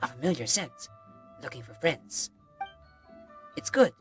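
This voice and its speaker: A streamer voicing a gruff young wolf-raised boy who speaks in short, broken sentences while playing a game. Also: medium pitch, animated, unhurried, fairly bright tone, soft background music. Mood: sniffing, content.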